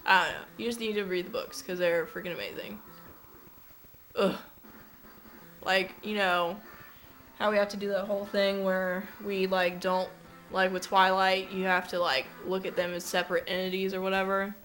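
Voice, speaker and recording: A woman's voice: medium pitch, flat delivery, normal speed, fairly bright tone, soft background music, poor audio. Young woman venting into her webcam at home, rambly, lots of "like", swears a bunch, super dramatic. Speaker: vlogger. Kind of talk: casual ranting vlog to a friend.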